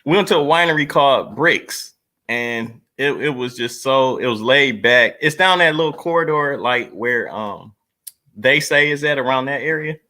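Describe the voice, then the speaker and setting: A man with a bright, forward voice hosting a relaxed live stream. He trips over his words and repeats himself as he chats. He talks into a desk mic. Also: mid-range voice, normal speed. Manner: stumbling, repeats words, laid-back. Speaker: podcast host. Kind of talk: casual podcast chat. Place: home studio, live stream. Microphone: webcam or desk mic on a video stream.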